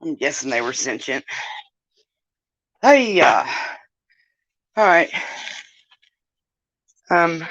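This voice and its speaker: A woman's voice: low voice, very animated, extremely slow, long pauses, a bit bright, no echo, highs cut off. A woman talking casually to her stream viewers while in pain, groaning and swearing often as she moves around. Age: older. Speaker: vlogger. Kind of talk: casual live-stream chat.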